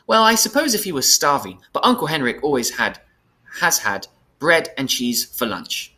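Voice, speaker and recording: A man's voice: on the high side, big pitch swings, moderate pace, pushed and bright, pitched above the performer's own voice. A man doing a chattering young girl. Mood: chatty.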